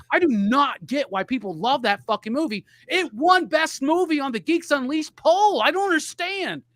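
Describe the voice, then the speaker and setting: A man's voice: very high voice, a bit bright, a little hiss or hum. A middle-aged man co-hosting a live podcast, airing grievances in a heated, profane, rambling rant. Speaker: podcast co-host.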